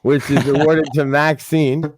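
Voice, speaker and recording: A man with a slightly high voice reads out mock award nominees in a deadpan, casual tone, often with filler sounds. The sound is dry and close, with no room echo. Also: measured pace. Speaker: podcast co-host. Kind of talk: reading out a mock award show.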